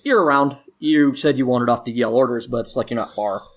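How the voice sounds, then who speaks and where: A man's voice: medium pitch, fast. A man running a tabletop game as game master, narrating casually and joking with his players. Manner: casual, joking, laughs often.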